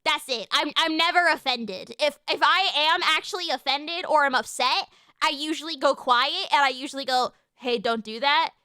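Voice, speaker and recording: A young woman streaming and chatting casually, loud and passionate, quick to get heated, on a close desk mic. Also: sits high, dry recording. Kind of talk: casual live-stream chat.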